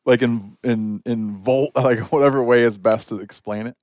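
A man hosting a podcast, telling an anecdote in a chatty, animated way full of "like" fillers. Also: mid-range voice, moderate pace, dry recording. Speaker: podcast host. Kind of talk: casual storytelling conversation.

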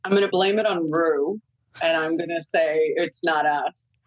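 A woman's voice: low-pitched, steady tone, measured pace, no room sound, rough recording. A middle-aged woman guest chatting casually and candidly about raising her young kids, swearing freely. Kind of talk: casual podcast chat.

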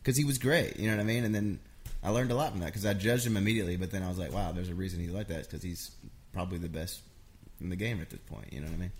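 A man's voice: sits low, racing, slight background noise. A man, a songwriter, telling stories in a casual chat and acting out what others said. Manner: animated, acts out quotes of others. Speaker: songwriter guest. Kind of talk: casual storytelling.

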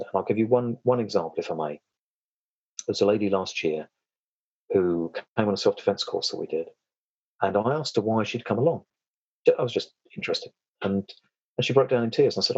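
Male podcast guest, very low breathy voice, rambling conversational delivery. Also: no room sound, lo-fi sound. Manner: rambling, frequent restarts, chuckles. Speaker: podcast guest, self-defense and trauma coach. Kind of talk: casual interview chat.

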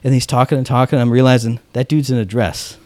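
He's a fast-talking podcast host with a medium-pitched, slightly mellow voice and fairly even intonation, recorded with no room sound. The conversation is casual and enthusiastic, heavy on "like," with him dramatizing the dialogue in his stories.

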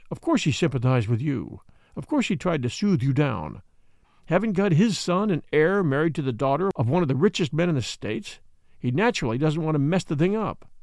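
A man reading aloud and voicing a grim, blunt older millionaire father in a lowered voice. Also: very animated, normal speed, a little mellow, no room sound, clean studio sound.

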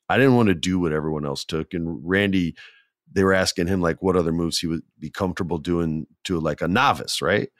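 A man telling a casual anecdote as a guest, animated, acting out what people said and laughing often. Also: deep voice, no room sound, clean studio sound.

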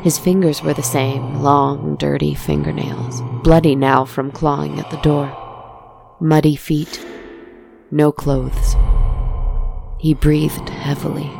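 A woman narrating a story in a soft, deliberate way. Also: deep voice, flat delivery, creaky, noisy background.

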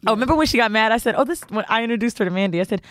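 Young woman co-host, animated and profane storyteller, dry close mic. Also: on the high side, rapid-fire, no echo. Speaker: podcast co-host. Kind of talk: casual storytelling chat.

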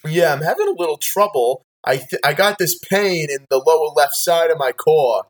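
A man's voice: fairly high pitch, very animated, normal speed. A man improvising a boastful, rambling apple who embodies New York City in a comedy sketch. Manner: boastful, rambling, good-natured. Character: the Big Apple, a brash New York apple, male. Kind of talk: improvised comedy role-play.

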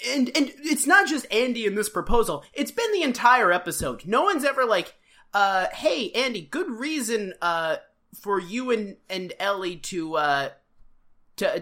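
A woman co-hosts a casual recap show, mocking the story and throwing herself into silly quoted voices. Her voice is bright and very lively in pitch. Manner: sarcastic, acts out quotes in exaggerated voices. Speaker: podcast co-host.

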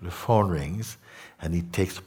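A spiritual teacher's deep, slightly rough, somewhat mellow voice carries a slow, reflective satsang talk to a gathering. Tag questions like "no?" and "hmm?" come up often.

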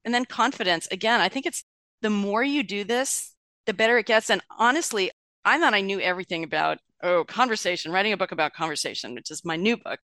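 A woman's voice: mid-range voice, quick pace, no room sound. Chatty woman guest, dry close sound. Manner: chatty and animated, laughs often, acts out quoted thoughts. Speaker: author and podcast guest. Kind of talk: conversational interview.

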